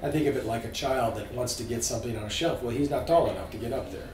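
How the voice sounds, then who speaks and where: A man teaching a small group about scripture, informal and animated, asking his listeners questions. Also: medium pitch, fast talker, echoey room, far from the mic, a little hiss or hum, low-quality recording. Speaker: priest teaching a catechism class.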